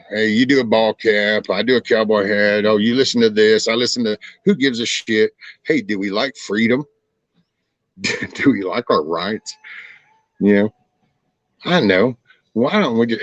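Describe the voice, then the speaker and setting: Low-voiced man ranting on a livestream. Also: a little slow, long pauses, no echo, lo-fi sound. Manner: folksy, profane, ranting. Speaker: livestream host. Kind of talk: casual rambling livestream chat.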